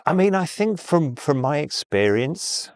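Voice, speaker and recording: A middle-aged man with a Southern English accent, telling anecdotes in a measured, conversational interview way. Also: fairly high pitch, sing-song, dry recording, studio quality. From England. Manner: measured, anecdotal, with frequent ums and restarts. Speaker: interview guest, sales executive.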